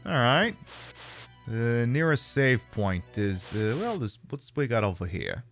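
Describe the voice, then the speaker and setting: A man's voice: medium pitch, very animated, a little slow. A man giving sarcastic, profane commentary as he plays a video game, talking straight at the enemies and weapons on screen. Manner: sarcastic, swears freely, talks to enemies and items. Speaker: streamer playing a video game. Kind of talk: let's-play gameplay commentary. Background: game music.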